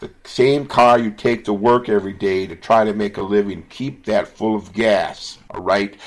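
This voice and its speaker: Man, middle-aged, very low voice, emotional, emphatic motivational talk. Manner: emphatic, repeats "okay?" and "all right?". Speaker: self-help podcast host. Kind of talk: earnest motivational monologue.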